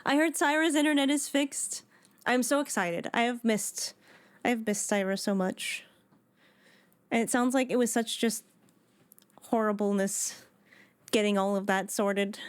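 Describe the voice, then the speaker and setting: A woman in her thirties chatting casually with viewers on a live game stream, excitable and prone to restarting her sentences. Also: mid-range voice, unhurried, long pauses, smooth, no room sound.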